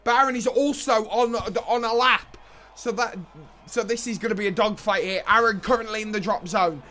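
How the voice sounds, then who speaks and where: A young man doing excitable play-by-play commentary for an online racing league, building to shouts at close moments. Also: high-pitched, moderate pace, slight background noise. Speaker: race commentator.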